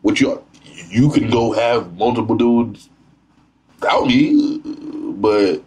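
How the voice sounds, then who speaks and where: A man's voice: medium pitch, slow pace, darkish tone. A young adult man hosting a casual podcast, blunt and playful, laughing often. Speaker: podcast host. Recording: faint background noise.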